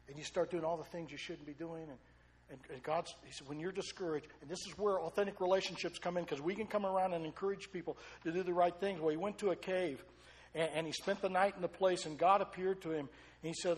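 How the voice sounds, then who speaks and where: A middle-aged male pastor preaching a sermon, swinging between loud excited storytelling and quiet, low asides. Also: a little fast.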